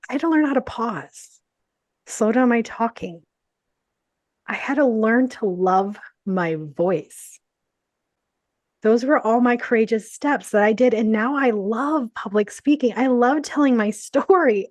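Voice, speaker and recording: A woman business coach telling a personal story in a casual interview, animated, laughing often and saying "like" and "you know" a lot. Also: a little high, unhurried, no echo.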